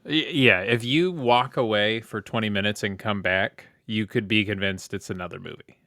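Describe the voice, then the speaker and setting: Young male co-host, easygoing and laughing, bright low voice, dry sound. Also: normal speed, no room sound. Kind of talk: casual chat reviewing a movie.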